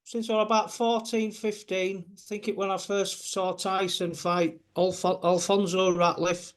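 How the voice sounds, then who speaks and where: A man in his fifties from Bradford, West Yorkshire, with the local accent, chats earnestly as a guest fan on a video call, rambling and restarting often. His voice is high-pitched and unhurried, with little pitch movement.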